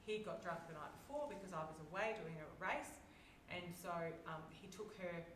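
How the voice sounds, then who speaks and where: A woman's voice: on the low side, expressive, normal speed. A woman, a guest speaker telling a personal story at a live Q&A, chatty with many fillers and restarts. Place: live event hall with audience. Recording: echoey room heard from a distance, noisy.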